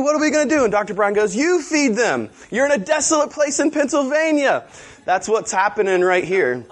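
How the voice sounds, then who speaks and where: A man in his thirties preaching a conversational sermon, with joking asides and excited pitched-up bursts when he voices the disciples.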